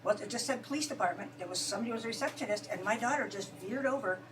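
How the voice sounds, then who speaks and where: A woman in a casual conversation, a mother telling heartfelt stories at a quick pace. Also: medium pitch. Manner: heartfelt, fast-paced storytelling. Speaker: guest, mother. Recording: distant mic with noise.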